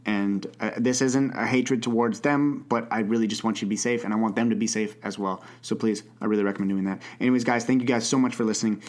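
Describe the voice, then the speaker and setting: A man's voice: on the low side, fairly even intonation, fast talker, hardly any pauses, darkish tone. A young man hosting an advice podcast, talking casually and stammering through frequent restarts. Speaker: podcast host.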